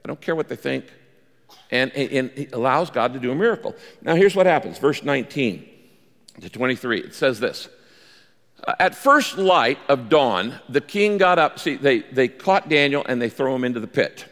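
A man preaching a sermon as the pastor, animated and acting out the voices in the story he tells. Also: moderate pace. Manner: animated preacher, acts out quoted lines with big pitch jumps. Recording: long reverb of a large hall.

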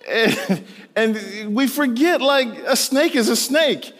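A man's voice: high voice, animated, takes it slowly, in a large hall. A male pastor preaching a sermon to students in an emphatic, storytelling way. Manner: storytelling, emphatic, rising to exclamations.

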